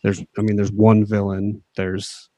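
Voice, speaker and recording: A man's voice: on the low side, completely flat delivery, unhurried, warm tone, dry recording. A man co-hosting a casual gaming podcast, easygoing and chuckling between remarks. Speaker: podcast co-host. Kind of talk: casual podcast chat about a video game.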